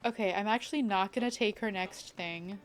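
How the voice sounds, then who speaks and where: A woman's voice: medium pitch, a little fast, music in the background. A young woman chatting casually while streaming a game, thinking aloud and greeting viewers. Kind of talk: casual live-stream chat.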